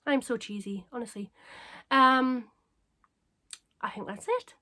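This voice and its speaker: A woman chatting casually to camera as a craft vlogger, bubbly and self-mocking, her voice a little croaky. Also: fairly high pitch, unhurried, long pauses. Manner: bubbly, excitable and self-deprecating. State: slightly croaky.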